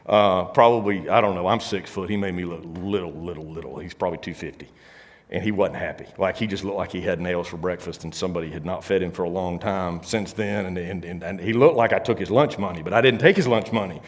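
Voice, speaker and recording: A man's voice: low-pitched, fast talker, long reverb tail. A man preaching a casual youth sermon, telling stories with jokey asides. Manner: storytelling, animated, jokey asides. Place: large hall, live service.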